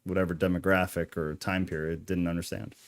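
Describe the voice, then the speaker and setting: A male podcast host with a very low, deep voice agrees often and keeps the conversation moving. He talks in a relaxed, casual way during a live stream. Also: brisk. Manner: agreeable, affirming, with short backchannels.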